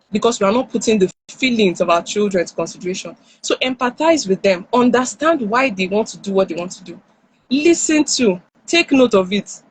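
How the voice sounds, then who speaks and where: A woman with a Nigerian accent gives parenting advice on a live stream, animatedly acting out lines from parents and children. Her medium-pitched voice has a breathy edge, and the phone or headset audio is poor.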